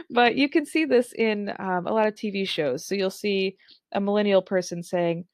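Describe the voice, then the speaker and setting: Teaching an online speaking course, a female instructor in her 30s speaks with clear, precise, expressive delivery. She has a mid-range voice at normal speed, recorded without echo.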